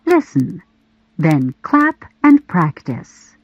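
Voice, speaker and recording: Slow, clear woman reading textbook audio. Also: deep voice, sing-song. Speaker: audio course narrator. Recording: dull, lo-fi audio.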